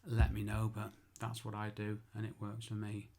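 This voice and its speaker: A man's voice: on the low side, completely flat delivery, normal speed, vocal fry, warm tone. A man who works as an architectural photographer, giving an informal spoken tutorial. He chats, makes self-deprecating asides and corrects himself aloud.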